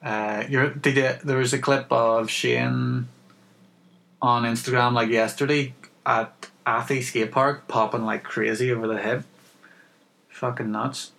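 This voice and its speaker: A man co-hosting a podcast over a remote call, his voice gravelly with fry. He swears freely and laughs easily in loose banter. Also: mid-range voice, fairly even intonation, a little slow, fairly bright tone, rough recording. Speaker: podcast co-host. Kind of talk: casual chat.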